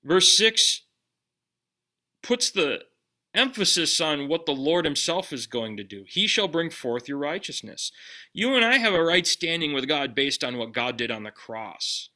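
A man preaching a sermon in a conversational way, putting direct questions to his listeners and dropping his voice low on key lines. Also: sing-song, a little slow, bright, forceful tone. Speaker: pastor.

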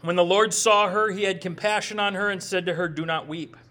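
A man's voice: high-pitched, flat delivery, fairly quick, sharp tone. A man with a Midwestern accent preaching a sermon as pastor, conversational, often repeating words as he thinks aloud and adding joking asides.

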